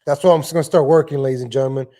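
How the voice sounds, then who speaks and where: A man's voice: medium pitch, fairly even intonation, racing, mellow. Rambling male livestream host. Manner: rambling, frequent restarts and asides. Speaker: live stream host. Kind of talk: casual livestream rant. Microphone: home desk microphone.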